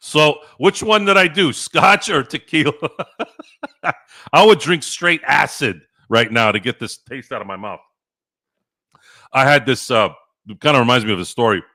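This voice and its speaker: Profane, animated man telling a story. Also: medium pitch, moderate pace, pauses often, no room sound, clean studio sound. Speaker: podcast host. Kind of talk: casual livestream chat.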